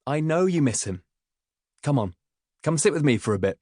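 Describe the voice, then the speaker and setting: A man voicing a gentle, coaxing mum. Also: fairly high pitch, big pitch swings, moderate pace, no echo, clean studio sound.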